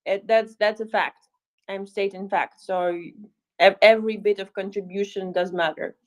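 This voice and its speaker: A woman's voice: medium pitch, fairly even intonation, normal speed, darkish tone, low-quality recording. Woman talking with many fillers. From Ukraine. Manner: thoughtful, many fillers and restarts, dry humor. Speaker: volunteer speaker. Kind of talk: casual chat in a live audio room.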